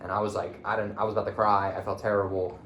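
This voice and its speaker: A young man from the Philadelphia area hosts a casual chat, telling his story in a laid-back way full of fillers and restarts. His voice sits a little low. The room is echoey, with a faint hum behind him. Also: little pitch movement, fast talker, a bit bright. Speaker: podcast host.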